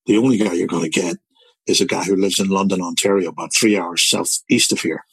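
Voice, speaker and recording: Husky older Northern Irish man. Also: deep voice, steady tone, brisk, a bit bright, no echo, low-quality recording. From Belfast, Northern Ireland. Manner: rambling, repeats words while telling a story. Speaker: interviewee. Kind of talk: storytelling conversation.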